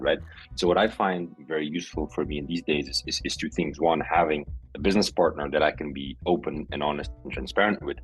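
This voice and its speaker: A man's voice: extremely low pitch, slightly rough, rough recording. A man co-hosting a podcast, chatting openly and earnestly. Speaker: podcast co-host. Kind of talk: casual podcast chat.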